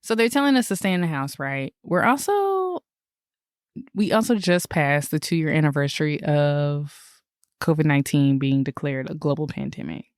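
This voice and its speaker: A woman with a low, dry-sounding voice co-hosts a casual podcast. She vents in exasperated, animated rants and swears freely. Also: moderate pace, smooth, dry recording. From Michigan, USA. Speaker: podcast co-host.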